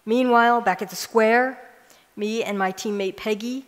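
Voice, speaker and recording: A woman's voice: fairly high pitch, steady tone, normal speed. Earnest woman speaker in an echoey hall. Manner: earnest storytelling, emphatic on key lines. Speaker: conference speaker. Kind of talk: prepared talk recounting personal experience. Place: large church hall. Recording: long hall reverb.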